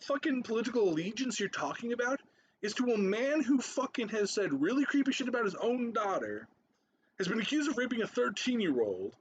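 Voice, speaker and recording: A man's voice: high voice, a little hiss or hum. A man in his thirties ranting in a profane, rambling reaction commentary, repeating himself and laughing between points. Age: 30s.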